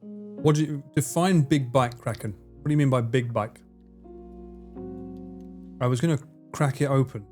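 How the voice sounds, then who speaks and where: A man's voice: medium pitch, measured pace, long pauses, a little mellow, faint music behind. A man from the UK, chatting casually on a gaming livestream, joking, swearing freely and laughing a lot. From United Kingdom.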